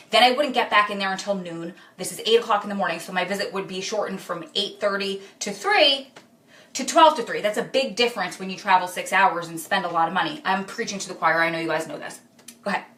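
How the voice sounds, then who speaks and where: A woman's voice: mid-range voice, pushed and bright, far from the mic. A woman vlogger talking earnestly and directly to her viewers in a confessional chat. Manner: earnest, direct address, retelling with quotes. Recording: echoey room, off-mic.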